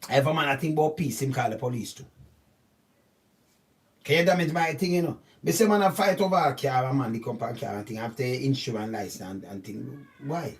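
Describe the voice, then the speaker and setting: A man with a Jamaican accent giving casual, animated commentary on a news story, often stopping to ask "see?". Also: medium pitch, a little fast. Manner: animated, repetitive, keeps asking "see?". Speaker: channel host. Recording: voice distant from the mic.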